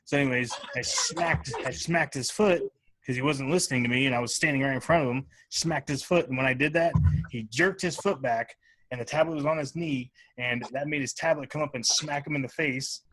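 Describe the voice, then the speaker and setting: A man's voice: mid-range voice, a little fast, no echo. Podcast guy swearing his way through stories about his kids, dry close sound. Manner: profane, animated storytelling. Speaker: podcast host. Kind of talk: casual chat.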